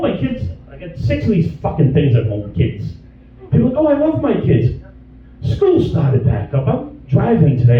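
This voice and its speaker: A middle-aged man doing stand-up, crude and rambling, his high voice swinging wildly up and down as he rants. He sounds far from the mic, the sound dull and washed in heavy club echo, with faint room noise behind him. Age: 50s. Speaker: stand-up comedian. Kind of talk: stand-up comedy set. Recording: distant, dull audio in an echoey club.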